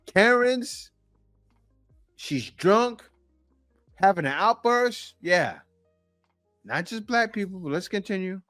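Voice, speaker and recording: A man talks through his reactions to video clips, emphatic and a bit preachy. His voice sits fairly high and swings up and down a lot. He takes his time, and soft music plays underneath. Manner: animated, preachy, slow and emphatic. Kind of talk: casual commentary.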